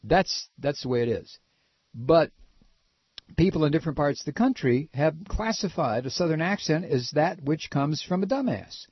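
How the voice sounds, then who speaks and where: An older man from Ohio with a nasal voice, talking casually and halting with many repeated restarts. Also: a little high, lively intonation, breathy edge, no room sound. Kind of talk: casual opinion talk. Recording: dull lo-fi recording.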